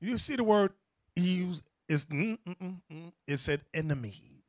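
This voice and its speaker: A high-voiced man preaching with a wildly swinging pitch and a lot of energy. He keeps calling out for the next scripture and acts out how people react. His voice is close and dry, with hardly any room sound. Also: lively intonation, unhurried, no room sound. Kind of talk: lively sermon to a class.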